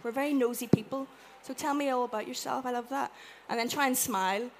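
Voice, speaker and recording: A woman with an Irish accent giving a chatty, animated talk to a live audience, acting out little quotes as she goes. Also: a little high, fast talker, slight background noise. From Ireland. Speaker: conference speaker. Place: event room with an audience.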